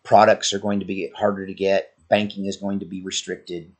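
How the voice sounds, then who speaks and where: A man's voice: low voice, little pitch movement, moderate pace, darkish tone. A man with a sore throat giving an earnest, warning commentary monologue as a channel host. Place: Oklahoma, US.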